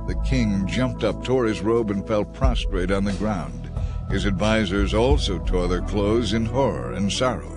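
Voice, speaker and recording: A man reading a scripted story aloud in a steady, measured storytelling manner. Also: fairly low pitch. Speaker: narrator. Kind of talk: scripted audiobook narration. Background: background music.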